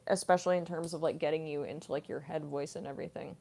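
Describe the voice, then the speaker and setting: A woman's voice: low-pitched, steady tone, fast talker, gravelly, darkish tone. A young woman voice actress answering fan questions in a casual, chatty way, using lots of filler words. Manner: chatty, many "like" fillers, explaining technique. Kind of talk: casual Q&A vlog.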